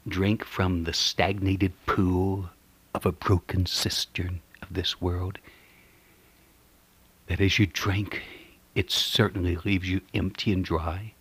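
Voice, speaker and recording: Low husky-voiced preacher, whispering and swelling. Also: male voice, dry recording. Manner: fervent preaching with dramatic swells and hushed whispers. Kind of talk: radio sermon.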